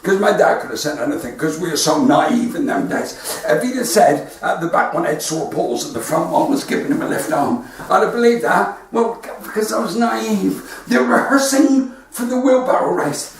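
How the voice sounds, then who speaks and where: A man's voice: high voice, expressive, normal speed, hardly any pauses. A man with a West Country accent doing chatty stand-up storytelling from his front room. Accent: West Country English. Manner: chatty storytelling with quoted dialogue. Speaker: stand-up comedian. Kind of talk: stand-up comedy livestream. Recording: very echoey room, distant mic, faint noise.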